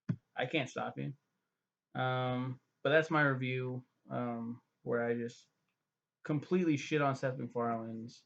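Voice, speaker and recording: A young web series reviewer with a medium-pitched voice and vocal fry delivers a casual, ranting review that's profane, sarcastic, rambling and packed with fillers. The audio sounds dull.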